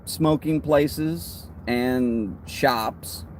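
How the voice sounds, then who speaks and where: Relaxed Texan man chatting on a livestream. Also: mid-range voice, drawn-out words, slight background noise. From Texas. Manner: relaxed and rambling, friendly asides. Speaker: host of a pipe-smoking livestream. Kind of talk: casual livestream chat.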